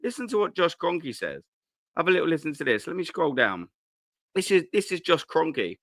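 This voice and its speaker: A man's voice: fairly high pitch, sing-song, normal speed, a bit bright, dry recording, clean studio sound. A man hosting a casual live stream from home, rambling and swearing with lots of slang into a cheap desk mic at his laptop. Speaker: host.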